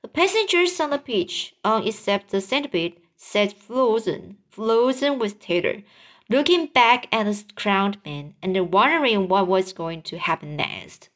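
A woman reading a children's book aloud, halting with frequent slips and restarts. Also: medium pitch, expressive. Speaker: reader.

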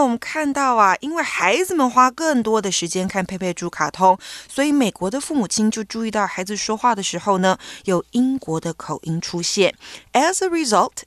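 A woman teaching English grammar and vocabulary, her pitch rising and falling in a lively way as she explains. The sound is close and dry, recorded with no room echo.

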